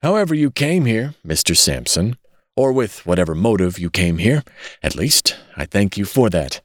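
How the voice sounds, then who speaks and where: A scheming gentleman villain speaks smoothly and politely, as a man reads him, in a very deep voice. Every word stays composed and measured, and the sound is dry and close. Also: sing-song, no echo.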